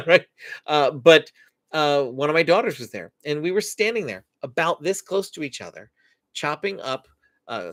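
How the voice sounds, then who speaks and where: Lively, earnest middle-aged man host. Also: on the high side, no echo, clean studio sound. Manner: animated, earnest explaining; relaxed, conversational with fillers. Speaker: parenting show host. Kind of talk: live Q&A teaching talk.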